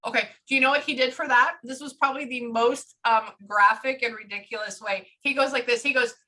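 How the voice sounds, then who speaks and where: A woman working as a psychic medium, talking fast and casually through a live reading and swearing freely. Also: fairly high pitch, steady tone, sharp tone. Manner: rapid, chatty, swears casually.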